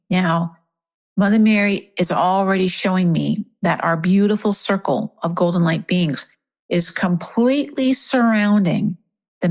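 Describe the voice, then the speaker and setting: Woman leading a reverent guided meditation. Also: lowish voice. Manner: soft, reverent, emotional at times.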